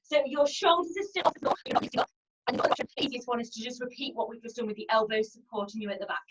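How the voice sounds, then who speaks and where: A woman's voice: on the high side, lively intonation, fast talker, slight background noise, rough recording. A woman leading a home workout, upbeat and encouraging, out of breath as she counts reps and cheers people on. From England. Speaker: fitness instructor. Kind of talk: live workout instruction.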